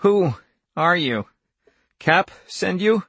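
A terrified old scientist begs in a high, hoarse voice, as a man puts him on. He pleads fast, his words strained and rising. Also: animated, a bit bright, dry recording, heavily acted. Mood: panicked.

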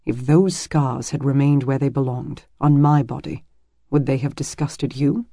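A man voicing a gentle, teasing medieval warrior who speaks low and tenderly. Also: fairly even intonation, unhurried, gravelly, no echo, studio quality.

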